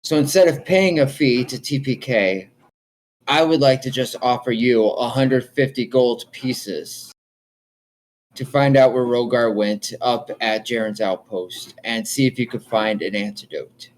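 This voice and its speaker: Businesslike male patron, voiced by a game master, measured and persuasive. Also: mid-range voice, close to an everyday voice, poor audio. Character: businesslike male quest giver, composed and persuasive.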